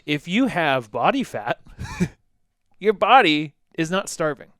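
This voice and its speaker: Animated male fitness coach, dry close mic. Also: on the high side, takes it slowly, dry recording. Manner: animated, acts out quotes in lively voices. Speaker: fitness coach and podcast co-host. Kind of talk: casual podcast conversation.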